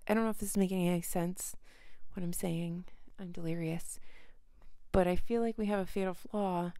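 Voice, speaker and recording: A woman's voice: mid-range voice, creaky, mellow. A tired American woman in a casual reading vlog, exasperated and rambling, sometimes dropping to a whisper. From United States. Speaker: book vlogger.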